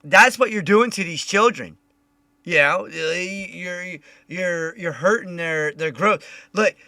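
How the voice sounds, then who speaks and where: A man hosting a casual live-streamed chat show, loud and animated, swearing often. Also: a little high, no echo. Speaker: podcast host.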